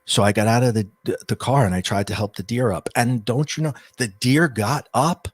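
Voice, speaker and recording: Husky middle-aged man telling a story. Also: mid-range voice, a little fast, no room sound. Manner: rambling, restarts and animated retelling. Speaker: guest, spiritual coach and author. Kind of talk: storytelling in an interview.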